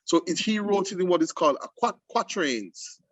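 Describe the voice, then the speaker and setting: A man with a lilt hosts a casual poetry chat aimed at students, and he explains with animated, emphatic bursts and restarts. His voice sits a little higher than most men's, and the sound is dry and close. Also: moderate pace, breathy edge, no room sound, muffled recording. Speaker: host. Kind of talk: casual literary discussion for students.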